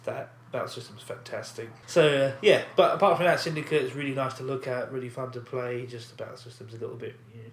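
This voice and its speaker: A man co-hosting a podcast, chatting casually, animated and rambling with fillers and frequent laughs. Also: mid-range voice, fast talker, hardly any pauses. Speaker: podcast co-host. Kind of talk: casual chat. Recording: echoey room, faint background noise.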